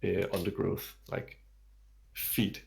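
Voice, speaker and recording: A man's voice: sits low, completely flat delivery, slow, gravelly, a little mellow. A man narrating a tabletop game as dungeon master, describing scenes in a hesitant way full of fillers.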